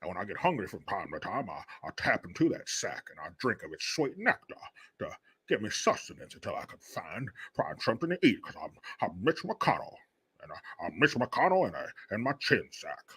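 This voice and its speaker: A man's voice: on the low side, big pitch swings, fairly bright tone, husky, pitched below the performer's own voice, full character voice. A man putting on a drawling old senator. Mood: smug drawl. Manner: slow mumbling drawl. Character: drawling old Southern male senator, smug and grotesque.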